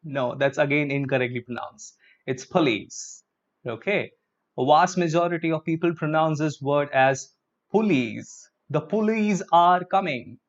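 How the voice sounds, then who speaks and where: A man whose voice is a little high, speaking at a moderate pace, teaches a live English pronunciation class with an Indian English accent. Words get broken into syllables and repeated together with the class, and Hindi words like "chalo" slip in. The sound is dull and lo-fi.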